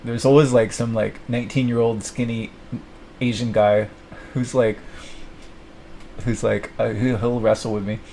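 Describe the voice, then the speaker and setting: Gravelly young man musing to himself. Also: mid-range voice, little pitch movement, unhurried, long pauses, warm tone, slight background noise, rough recording. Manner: musing aloud, restless and self-mocking. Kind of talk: rambling solo self-talk. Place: at his desk indoors.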